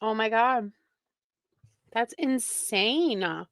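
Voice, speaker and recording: A woman's voice: fairly high pitch, expressive, very slow, a bit bright, no echo. A woman hosting a live stream, chatting casually and with exasperation, laughing often, close to the microphone. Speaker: livestream reaction host.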